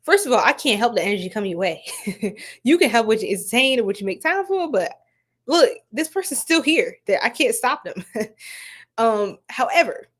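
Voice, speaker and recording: A woman's voice: on the high side, lively intonation, moderate pace, a bit bright. A woman giving a casual livestream tarot reading, laughing often and chatting with viewers.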